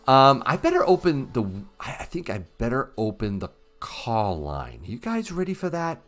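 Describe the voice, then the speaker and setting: A man's voice: mid-range voice, fairly bright tone. A man hosting a casual livestream, chatting with viewers in an upbeat, easygoing way. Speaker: livestream host.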